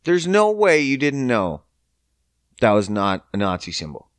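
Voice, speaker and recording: A man's voice: mid-range voice, huge pitch swings, unhurried, smooth, no room sound. A man from Canada hosting a podcast, ranting in a casual, profane, incredulous and sarcastic way. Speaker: podcast host. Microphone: podcast mic.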